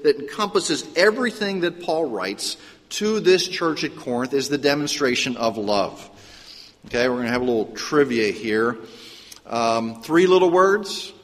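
Chatty man preaching in a hall. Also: medium pitch. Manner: conversational, storytelling, lively asides. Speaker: pastor. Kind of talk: sermon.

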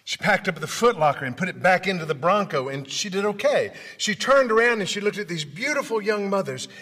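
A man from Memphis tells stories to a crowd in a large hall, and long reverb trails each line. His voice is bright and a touch high for a man. He acts out the people in his stories, dropping to a hush and then climbing loud again. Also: lively intonation, fairly quick. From Memphis, Tennessee. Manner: dramatic, acts out dialogue, swings from loud to hushed. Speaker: motivational speaker. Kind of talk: storytelling speech to an audience.

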